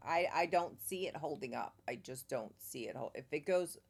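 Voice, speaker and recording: A man's voice: on the high side, expressive, moderate pace, vocal fry. An American man co-hosting a music reaction video, arguing his opinions in casual chat. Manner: opinionated, argumentative.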